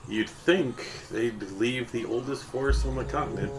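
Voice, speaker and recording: A man's voice: medium pitch, moderate pace. Man reading a story over music. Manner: casual reading with self-corrections. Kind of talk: reading a first-person story aloud.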